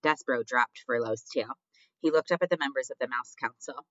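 A man's voice: mid-range voice, no echo. Man narrating a children's storybook. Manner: measured, expressive reading. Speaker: audiobook narrator. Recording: dull dry lo-fi recording.

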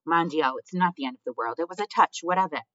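A man's voice: on the high side, fast talker, sharp tone, dry recording, pitched above the performer's own voice. A man voicing an indignant mother mouse, in a storybook reading. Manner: exasperated, dismissive. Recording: dull dry lo-fi recording.

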